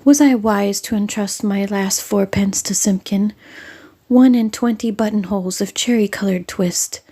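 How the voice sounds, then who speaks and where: A woman voicing a poor, worried old male tailor in a storybook reading, mumbling softly in a half whisper. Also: mid-range voice, a little slow, natural voice. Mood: mumbling, fretful.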